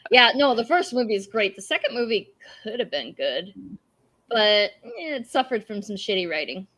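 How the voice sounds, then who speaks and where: A woman hosting a casual podcast chat, animated, swearing and tripping over her words. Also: mid-range voice, moderate pace. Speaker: podcast host.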